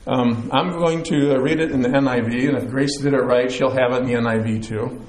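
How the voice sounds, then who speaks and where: A man's voice: mid-range voice, fairly quick. Easygoing male pastor in an echoey church. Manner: relaxed storyteller, easygoing with fillers. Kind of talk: sermon with a joke opener. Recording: roomy echo.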